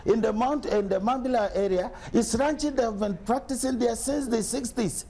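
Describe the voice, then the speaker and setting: Middle-aged guy from nigeria, governor on a tv interview, gravelly voice pitched kinda high, pushes back hard with questions. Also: normal speed. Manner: forceful, argumentative, asks rhetorical questions. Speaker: state governor. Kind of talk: TV news interview.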